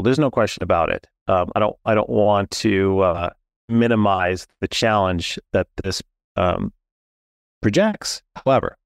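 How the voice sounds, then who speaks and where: Low-voiced, careful male interview guest. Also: no echo, studio quality. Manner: careful, hesitant, with fillers. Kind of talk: measured conversational answer.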